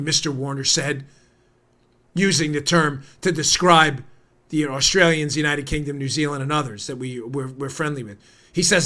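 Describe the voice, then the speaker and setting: Host, male, 40s, American, high-pitched and heated, indignant political commentator. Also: moderate pace. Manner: heated and indignant, rising to near-shouting. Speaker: podcast host.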